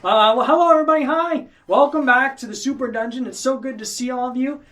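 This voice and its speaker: A man's voice: extremely high pitch, fast talker, bright, forceful tone, voice pushed up. A man voicing a flamboyant male game-show host of a dungeon arena, with showy, offhand announcer patter. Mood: chirpy host.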